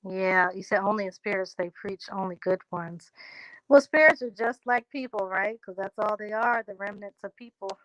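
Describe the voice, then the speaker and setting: A woman hosting a casual livestream, reading out viewer comments and answering them in a relaxed, drawling country way. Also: medium pitch, normal speed, no room sound, muffled recording.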